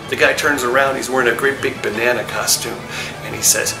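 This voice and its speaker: A man chatting casually as host while he retells old comic gags. His voice sits at a middle pitch, and it echoes in the room. Music plays behind him. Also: fairly even intonation, fairly quick. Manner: chatty storyteller acting out jokes.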